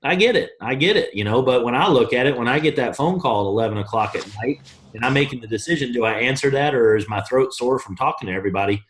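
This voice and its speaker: A man's voice: mid-range voice, fast. Blunt, emphatic man coaching a team call. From East Coast of the US. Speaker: network marketing team leader. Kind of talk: motivational call talk.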